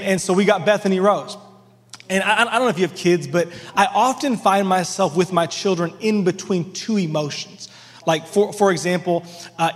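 A man in his thirties preaching a sermon, telling family stories in a conversational, animated way and often repeating words. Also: sits high, in a large hall. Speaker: pastor.

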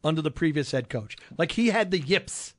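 A man's voice: fairly high pitch, expressive, normal speed. A man hosting a casual sports talk show, reading out stats and a sponsor line, with sarcastic asides. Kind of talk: casual sports radio chat.

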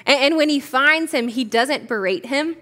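Young woman preaching, high bright voice, acts out the characters as she tells it. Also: moderate pace. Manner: animated storytelling, acting out quoted characters. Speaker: pastor. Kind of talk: sermon.

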